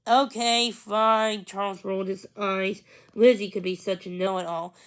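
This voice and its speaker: A woman reading a children's book aloud, narrating slowly, carefully and expressively. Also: mid-range voice, level tone, a little mellow, rough recording. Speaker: storybook reader.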